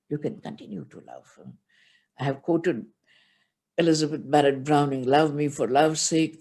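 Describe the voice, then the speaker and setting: A woman with an Indian accent, a spiritual teacher giving a devotional discourse, telling stories expressively and speaking straight to her listeners. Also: deep voice. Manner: expressive storytelling, addresses listeners directly.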